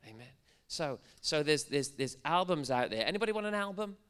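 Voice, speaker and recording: Lively, fervent preacher man. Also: on the high side, fairly quick, smooth. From Wales. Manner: energetic and joking, building to fervent proclamation. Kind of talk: sermon. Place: church service in front of a congregation.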